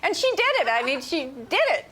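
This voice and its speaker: A woman, an actress, speaks as a talk show guest in an effusive, emphatic way. Her voice is bright and sits high in her range. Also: very animated, fairly quick, a little hiss or hum.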